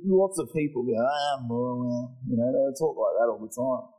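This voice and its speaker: A man's voice: medium pitch, animated, fairly quick, mellow, rough recording. A man preaching a sermon as a pastor, joking and mimicking complaining voices. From Australia.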